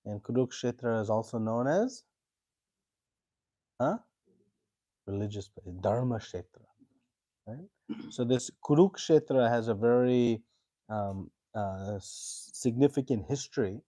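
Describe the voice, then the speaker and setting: A man teaching a scripture class. He tells a story in a relaxed way with many fillers and stops to quiz his students. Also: mid-range voice, unhurried, long pauses, no room sound.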